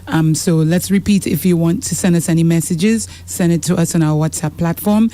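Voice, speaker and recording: Brief: woman co-hosting radio, warm mellow voice, steady announcements. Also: fairly low pitch, brisk. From Saint Lucia. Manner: steady with frequent murmured agreement. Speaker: radio co-host. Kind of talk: casual radio talk. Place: radio studio.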